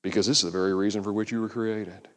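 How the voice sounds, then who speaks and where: A man's voice: fairly low pitch, steady tone, fast talker, fairly bright tone. A man preaching a sermon, earnest and building to emphatic exhortation. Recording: long hall reverb.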